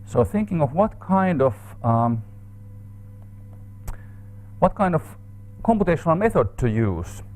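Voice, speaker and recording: A man's voice: on the high side, sing-song, unhurried, pauses often, darkish tone, soft background music. A man giving an academic seminar talk in a seminar room, explaining with frequent fillers and restarts. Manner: hesitant, thinking aloud with fillers. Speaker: seminar speaker. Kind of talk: academic lecture.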